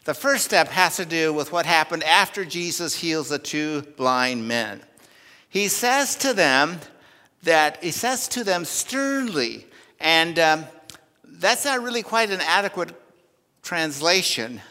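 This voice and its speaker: A man preaching a Communion Sunday sermon in earnest, rising loud for emphasis and dropping soft in a church. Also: on the high side, lively intonation, slow. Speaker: pastor. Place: church sanctuary. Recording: long reverb of a church sanctuary.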